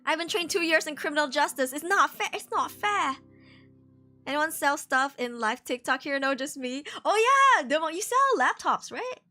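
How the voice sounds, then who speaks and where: A Malaysian English-accented woman chats casually on a live stream, reading viewer messages aloud and answering each one. Her voice sits high and sounds bright, and soft music plays faintly underneath. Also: expressive, normal speed, few pauses. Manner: chatty, reads chat messages aloud and answers them.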